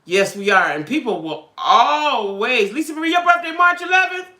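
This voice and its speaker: A woman's voice: high-pitched, expressive, normal speed, bright, forceful tone, roomy sound. A woman hosting a live chat with her viewers about dating, blunt and streetwise, who keeps checking in with "right?" and "you know what I'm saying?". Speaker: livestream host chatting with viewers.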